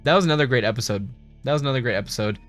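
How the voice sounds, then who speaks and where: A man's voice: mid-range voice, racing, a bit bright, soft background music. A man hosting a casual video review, rambling and enthusiastic, with many fillers and restarts. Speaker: video host, show reviewer.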